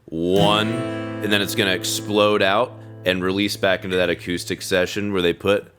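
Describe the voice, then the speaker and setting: A man's voice: sits low, flat delivery, moderate pace. A man hosting a music reaction, explaining chords and theory in a casual, enthusiastic, profane way. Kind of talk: casual music analysis over a playing track. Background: loud rock song playing.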